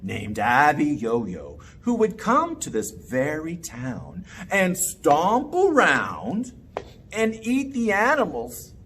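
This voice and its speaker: Playful, wildly animated male storyteller. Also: on the high side, slow, slight background noise. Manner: playful and animated, inviting kids to join in. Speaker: children's storyteller. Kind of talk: interactive children's story time.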